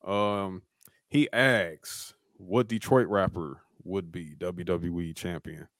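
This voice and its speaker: A man's voice: sits low, steady tone, slow pace, fairly bright tone, dry recording, studio quality. A man co-hosting a podcast, ranting in casual chat, swearing heavily and repeating himself. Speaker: podcast co-host.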